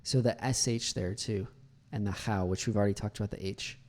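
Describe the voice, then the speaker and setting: With a fairly low voice, a man teaching English breaks down pronunciation from a video clip. He's relaxed and filler-heavy, and he demonstrates words slowly.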